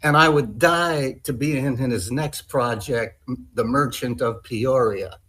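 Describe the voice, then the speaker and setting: A man's voice: medium pitch, unhurried, a bit bright. A man improvising an eager, fawning actor at an audition. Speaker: improv performer.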